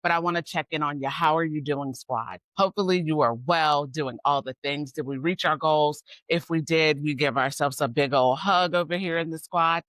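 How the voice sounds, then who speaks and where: A woman's voice: sits low, moderate pace, hardly any pauses, a bit bright, no room sound. Effusive woman podcast host, dry sound. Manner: effusive and gushing, talks straight to listeners as "y'all" and "squad". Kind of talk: upbeat podcast chat.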